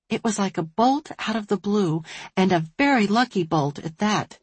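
A woman narrating an audiobook in a measured storytelling manner, recorded close on a studio mic. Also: medium pitch, breathy edge, dry recording. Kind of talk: scripted narration.

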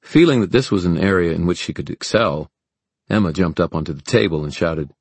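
Deep, husky male narrator. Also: brisk, no room sound. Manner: steady storytelling. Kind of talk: audiobook narration.

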